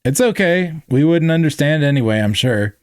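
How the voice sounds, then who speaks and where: A man voicing a sarcastic, excitable human woman on a team in a storybook reading. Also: a little high, moderate pace, clean tone, no echo, clean studio sound, lightly acted. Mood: teasing.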